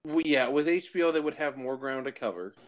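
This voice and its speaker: Man, podcast co-host, casual chat, relaxed, uh and um fillers. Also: mid-range voice, fairly quick. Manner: relaxed, brings up news items with fillers.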